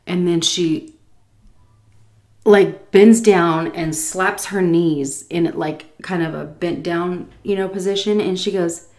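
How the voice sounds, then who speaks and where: A woman in her thirties from the United States, casually telling an animated story while eating, often laughing and acting out voices. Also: on the low side, slow pace. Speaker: food vlogger telling a story.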